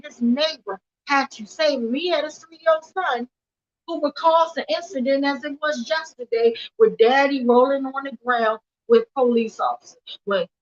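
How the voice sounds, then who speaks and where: A woman giving impassioned personal testimony as an activist at a weekly vigil. She talks earnestly and emphatically and retells events in a rush, repeating "literally" and "I'm like". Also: high voice. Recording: dull lo-fi livestream audio.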